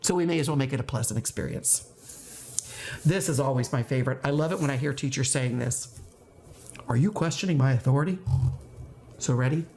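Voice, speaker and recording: A middle-aged woman coaching teachers in a playful, animated way, often acting out the voices she quotes. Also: on the low side. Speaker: teacher trainer.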